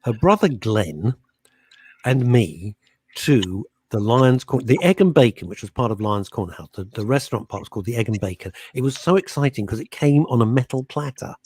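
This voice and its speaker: A man's voice: mid-range voice, lively intonation, normal speed, a little mellow, slightly rough, no echo, clean studio sound. A man co-hosting a radio show, telling rambling stories with a lot of laughter. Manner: laughing, chatty storyteller. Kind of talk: casual radio chat. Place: radio studio.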